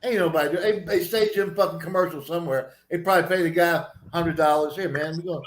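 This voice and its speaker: A man's voice: fairly high pitch, fairly even intonation, fast talker. A man hosting a casual live chat, telling stories in a blunt, profane way. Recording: echoey room with background noise.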